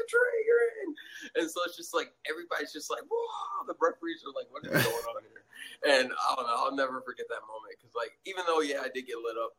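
With a husky voice, a young interview guest tells a lively story, breaking into laughter and mimicking people in a high voice. It's a low-quality recording.

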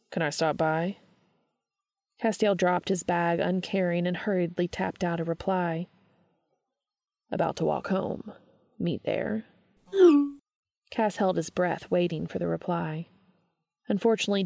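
A woman narrating a story aloud in a calm, even storytelling manner. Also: lowish voice, vocal fry, dry recording, studio quality. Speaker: podfic reader. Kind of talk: audiobook narration of fan fiction.

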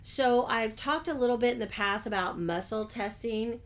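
A woman hosts her own business podcast solo, speaking in a friendly, conversational way and posing rhetorical questions to her listeners. Her voice is on the high side and her pace is moderate.

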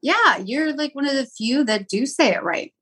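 A woman's voice: sits high, lively intonation, normal speed, bright, forceful tone. A woman speaking as a guest practitioner in a casual interview, thoughtful, with frequent restarts.

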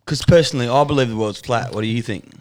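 A man's voice: medium pitch, fast talker, very noisy. Aussie male host, mid-range voice, teasing and blunt, casual chat.

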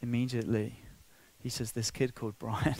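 A man preaching a sermon, building to emotional peaks then dropping to a hush. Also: medium pitch, level tone, moderate pace, creaky, breathy edge. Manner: impassioned, swinging between soft and loud.

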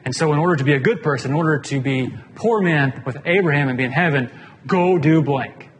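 A man's voice: on the high side, fairly quick. A man preaching a casual sermon as pastor, plain-spoken and conversational, often putting questions to the congregation. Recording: long hall reverb, faint room noise.

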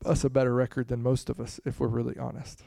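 A man preaching a conversational sermon to a congregation, swinging between hushed and loud passages, with frequent "you know" asides. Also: medium pitch, little pitch movement, fast, creaky, dry recording, studio quality. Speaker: pastor.

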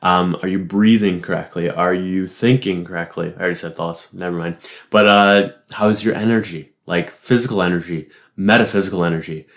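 A young barista reflects on his week in a casual solo ramble, his low, steady voice slightly fast and a bit bright. He swears often, laughs to himself and fills gaps with "like".

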